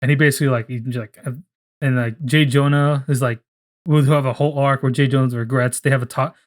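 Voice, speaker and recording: A young man talking loosely on a casual podcast, his thoughts running on in a loose ramble. He swears freely and slips into quick voices for characters as he pitches a story. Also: fairly even intonation. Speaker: podcast co-host.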